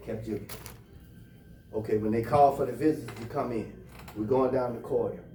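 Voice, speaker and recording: A man's voice: mid-range voice, fairly even intonation, fairly quick, dark tone, slight background noise. A man telling a personal anecdote in a casual, blunt and heated way, with lots of cursing. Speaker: storyteller. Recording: roomy, distant mic, faint music.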